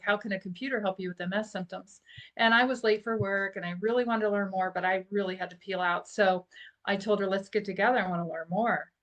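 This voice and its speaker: A middle-aged woman speaks as a podcast guest, her pitch sitting in an ordinary middle range. She tells a personal story in a lively, chatty way and laughs often. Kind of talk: casual storytelling interview.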